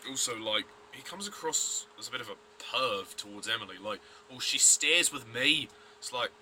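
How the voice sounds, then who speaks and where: Blunt male reviewer, tense bright voice, faint hiss behind. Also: mid-range voice. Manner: blunt, rambling, many fillers and restarts. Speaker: TV episode reviewer. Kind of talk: casual review vlog.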